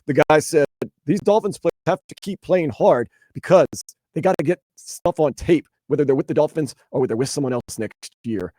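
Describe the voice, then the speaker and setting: A man's voice: fairly high pitch, brisk, dark tone, no echo. A man from New Orleans hosting a call-in sports radio show, swinging between weary and fired up.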